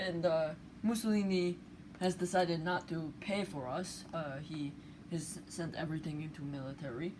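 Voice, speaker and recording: Halting, jokey woman player. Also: low-pitched, steady tone, darkish tone, a little hiss or hum, poor audio. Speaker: player in a strategy board game. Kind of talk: casual banter while playing.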